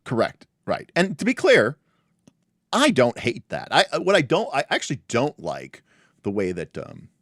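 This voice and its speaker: Going over the rules on his tabletop gaming livestream, this host chats in a relaxed, animated way, full of restarts and side comments. His voice is mid-range at a moderate pace, recorded dry with clean studio sound.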